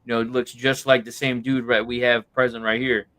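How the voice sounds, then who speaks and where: Bright-voiced blunt man on a stream. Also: mid-range voice, flat delivery, normal speed, dry recording. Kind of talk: casual livestream chat.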